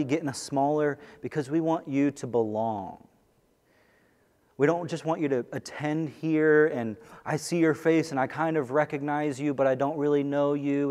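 Brief: male pastor, slightly high voice, sermon with long hall reverb, earnest and building with energy. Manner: earnest, building to excited bursts. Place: church sanctuary. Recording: long echo of a large hall.

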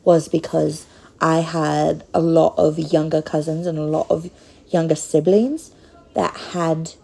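A woman in her thirties with a Northern Minnesotan accent hosts a casual solo podcast. Her voice is mellow and dark, with a gravelly edge. She talks very slowly and hesitantly, with frequent pauses. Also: deep voice, poor audio. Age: 30s. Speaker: podcast host.

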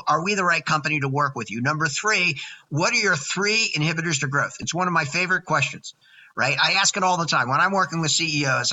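A man's voice: fairly high pitch, bright, forceful tone, low-quality recording. A man in his sixties, a podcast guest chatting casually with energy and jokes, laying out his points by number. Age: 60s. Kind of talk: casual chat.

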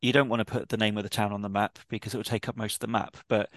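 Joking British podcast co-host, dry sound. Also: male voice, lowish voice, flat delivery, racing, fairly bright tone, no echo. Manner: joking, teasing banter. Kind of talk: casual chat.

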